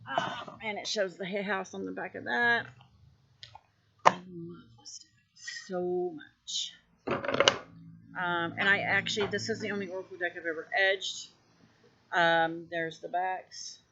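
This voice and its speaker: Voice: medium pitch, flat delivery, slow pace, vocal fry, pauses often, a crowd in the background. Gushing, rambling card-deck vlogger, dull sound. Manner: gushing, rambling, many fillers and restarts. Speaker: oracle card collector showing decks. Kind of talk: casual show-and-tell vlog.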